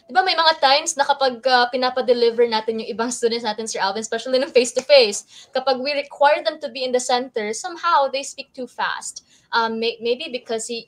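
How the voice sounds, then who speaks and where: A woman's voice: high-pitched, fairly bright tone. A woman with a Filipino accent co-hosting a lesson, explaining things in a friendly way and reading viewer comments. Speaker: teacher co-host. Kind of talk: taglish lesson discussion.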